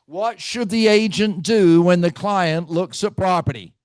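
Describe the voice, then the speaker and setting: A man leading a live team training session, brash and teasing, quizzing his audience with rapid questions. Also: sits high, clean tone, no echo, studio quality. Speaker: real estate team trainer.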